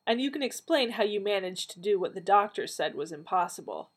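A woman's voice: mid-range voice, lively intonation, fairly quick, natural voice. A woman doing a wry young woman doctor.

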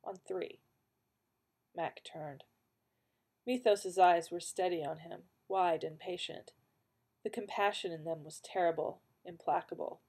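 A woman narrating an audiobook in a measured, even storytelling manner. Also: lowish voice, breathy edge.

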